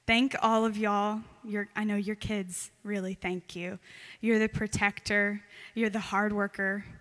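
A woman's voice: mid-range voice, a bit bright. A young woman giving an informal, chatty talk to a church congregation. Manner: chatty, giggly, loose with fillers. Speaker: church member giving a Father's Day talk.

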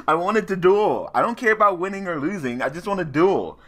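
A man talks through an online card game in casual commentary, muttering his plays under his breath. His voice sits on the high side and swings widely in pitch as he laughs and rants in disbelief. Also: lively intonation, normal speed, a bit bright. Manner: muttering to himself, then laughing and ranting in disbelief. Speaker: gaming channel host.

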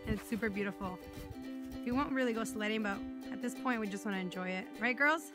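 A woman's voice: mid-range voice, fast talker, over music. A young woman filming a family vlog outdoors in the snow, chatting and laughing often as she jokes about her own complaining. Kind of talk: casual vlog chat. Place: outdoors on a snowy mountain.

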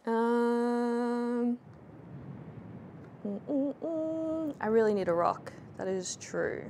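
A young woman streaming a game, commenting live in an excitable, exclaiming way with frequent laughter. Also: fairly high pitch, very slow, a little hiss or hum. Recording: game sounds loud in the background.

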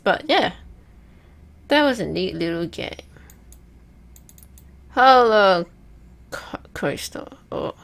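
A young woman casually commenting while playing a video game, chatty and self-mocking, now and then letting out loud whoops. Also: lowish voice. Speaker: let's play gamer.

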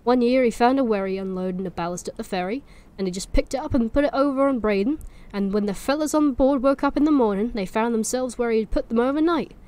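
Lady putting on a superstitious norfolk farm guy, rural dialect, worried warnings, soft dark voice. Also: on the high side, fast, hardly any pauses, voice pushed up, close to an everyday voice. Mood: uneasy warning. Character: superstitious male Norfolk farm labourer, Shandy.

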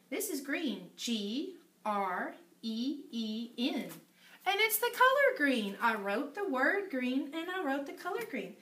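A woman teaching preschool circle time, talking slowly in an exaggerated sing-song way and dropping to whispers for effect. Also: high-pitched, sharp tone. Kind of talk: circle time lesson for young children.

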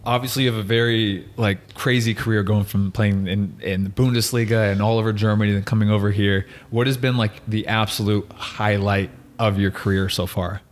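Young podcast host, low voice, loose joking questions. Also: male voice, steady tone, brisk, hardly any pauses, slight background noise. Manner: friendly, joking, asks loose questions with fillers. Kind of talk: casual podcast interview.

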